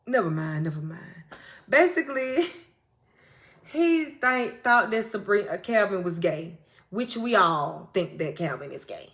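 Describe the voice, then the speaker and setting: A woman talks straight to her viewers as she recaps a TV episode. Her voice sits a bit high, and she acts out the characters' lines with lively, dramatic turns and frequent laughs. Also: a little slow. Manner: animated storytelling, acting out characters' lines, laughing often. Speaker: TV recap host.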